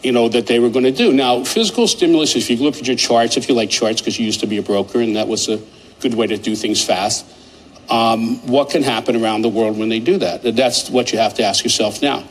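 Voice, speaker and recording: A man analyzing markets in conversation, talking in an animated, emphatic and rambling way. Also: medium pitch, fairly quick, a little hiss or hum, rough recording. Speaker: market commentator.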